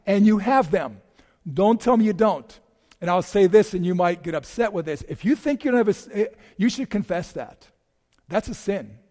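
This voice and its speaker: A man's voice: sits high, dark tone, in a large hall. A man preaching a homily, telling a story in a conversational, folksy way with emphatic repetition.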